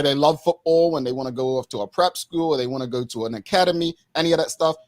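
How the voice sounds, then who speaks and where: A man's voice: medium pitch, no room sound. A man from Bermuda hosting a daily talk show in a casual, chatty way, often calling out to the audience as folks.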